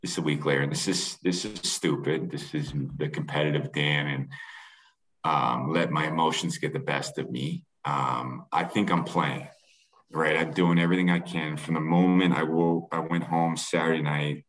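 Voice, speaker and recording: A middle-aged man from Canada, a former athlete, telling a rambling, animated story on a podcast. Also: very deep voice, moderate pace, rough recording. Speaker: former pro lacrosse player, guest.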